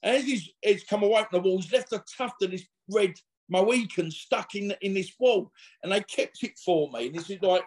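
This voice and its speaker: A man's voice: high-pitched, moderate pace. Rambling man telling stories. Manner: rambling and slangy, full of restarts and acted-out quotes. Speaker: interview guest. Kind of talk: casual anecdotal storytelling.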